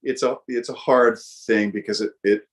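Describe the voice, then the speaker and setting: A middle-aged American man, a guest actor, telling lively anecdotes in a casual interview with frequent fillers. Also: medium pitch, normal speed. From United States.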